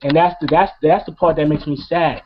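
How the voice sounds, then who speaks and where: Impassioned high-voiced man ranting. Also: steady tone, brisk, slight background noise. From New York. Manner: emphatic, profane, preaching. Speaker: co-host of a wrestling review show. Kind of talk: impassioned rant. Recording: dull lo-fi sound.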